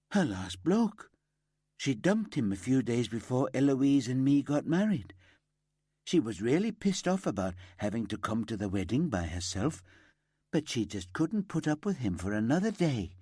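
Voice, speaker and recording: A man voicing an anxious young office worker with a high, light, slightly camp voice who stammers in shock. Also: sing-song, measured pace, mellow, husky, no echo, studio quality. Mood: upset. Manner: shaken, stammering, disbelieving. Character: male young man, anxious, eager to please.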